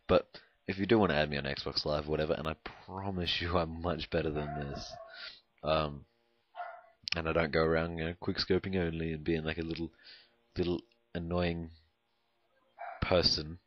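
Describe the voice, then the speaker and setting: A man's voice: rumbling low, steady tone, normal speed, a bit bright. A young man from Canada rambling through casual gameplay commentary, hesitant and full of filler words, on a cheap close mic. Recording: dry, dull lo-fi home recording.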